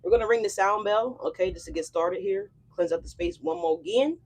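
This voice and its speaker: A tarot reader and channel host with a mid-range, fairly quick voice gives a casual reading. She keeps things loose and slangy, repeatedly checking in with her viewers with "okay?" and "y'all."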